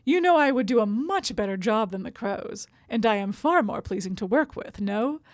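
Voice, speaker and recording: A sly, flirtatious male elf assassin, read aloud by a woman. The voice sits a little high and sounds dry and close, with no accent put on, just plain reading. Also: animated, normal speed, no echo, close to an everyday voice. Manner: reads the letter in her own voice, no accent.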